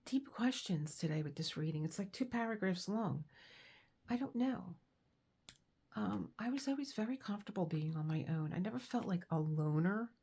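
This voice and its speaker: A woman's voice: medium pitch, animated, normal speed, mellow, slightly rough. A woman vlogger in casual chat, rambling and laughing as she reads aloud and tells stories. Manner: rambling, chatty, laughs often. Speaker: crafting vlogger.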